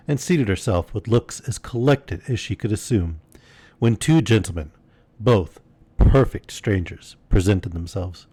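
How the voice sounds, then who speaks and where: A man reading a classic novel aloud as a bedtime story on a livestream, measured and unhurried, with casual asides to listeners. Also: lowish voice, warm tone, husky. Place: home streaming setup.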